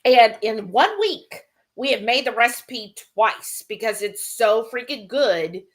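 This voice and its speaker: On a live cooking stream she co-hosts, a woman reads out viewer comments and chats in a casual, laughing way, saying "like" and "y'all" often. Her voice is a little high and animated, and she speaks slowly.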